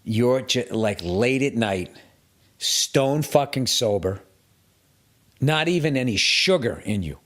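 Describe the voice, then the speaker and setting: A man's voice: medium pitch, expressive, takes it slowly, fairly bright tone. A middle-aged man hosting his podcast alone, ranting in a profane, self-mocking, comedic way. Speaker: podcast host. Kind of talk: solo comedic podcast rant.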